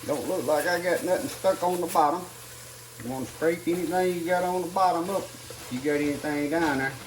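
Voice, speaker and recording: An older man with a drawl and a fairly high voice talks through a home cooking demonstration. He keeps it folksy and addresses his viewers directly. A faint sizzle of frying and pots clatters behind him. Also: a little fast, slight background noise. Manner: folksy, talks to viewers as "guys" while working. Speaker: home cook. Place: home kitchen.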